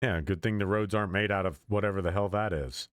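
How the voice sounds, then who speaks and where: A man's voice: low-pitched, quick pace, clean tone, no echo, studio quality. A man streaming, giving casual chatty reaction commentary and laughing often.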